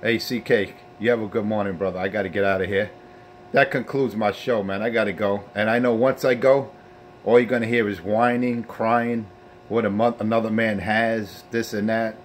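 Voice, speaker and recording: A man's voice: on the low side, steady tone, moderate pace, a little hiss or hum. A man hosting his own CB radio show, taunting rivals and preaching in a boastful way. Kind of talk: trash-talking radio sign-off.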